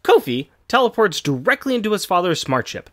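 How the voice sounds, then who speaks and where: A man narrating a comic-book recap for a podcast, his voice rising and falling in a lively way. He drops sarcastic, dry jokes between the plot beats. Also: high-pitched, fairly quick. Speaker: podcast co-host.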